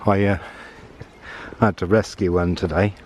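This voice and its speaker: Brief: very low-voiced man, rambling outdoor vlog, faint birdsong and breeze behind. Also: little pitch movement, unhurried, darkish tone, a little hiss or hum. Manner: rambling, chatty, thinking aloud. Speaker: vlogger on a woods walk. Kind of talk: casual walking vlog. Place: outdoors in summer woodland. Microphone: handheld camera while walking. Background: birdsong and faint outdoor ambience.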